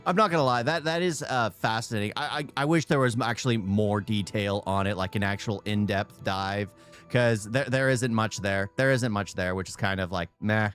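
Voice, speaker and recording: A man's voice: fairly low pitch, normal speed, over music. Man rambling through a reaction video. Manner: repeats his own phrases, frequent restarts; rambling, opinionated. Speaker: YouTube reactor. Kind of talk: casual reaction commentary.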